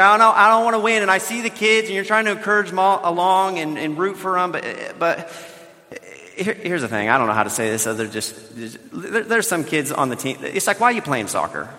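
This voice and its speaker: A man in his thirties, a pastor telling a lively family story in a sermon, now and then raising his voice. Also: sits high. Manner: animated storytelling with bursts of shouting. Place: church sanctuary. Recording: long reverb of a large hall.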